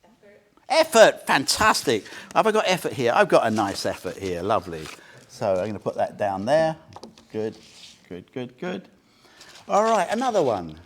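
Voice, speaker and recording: A man's voice: medium pitch, huge pitch swings, moderate pace, a little hiss or hum. A man giving an informal Buddhist talk to a small group, chatty and joking, often quizzing his listeners. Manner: chatty, jokey, asks the group questions. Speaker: Buddhist teacher. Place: meditation centre room.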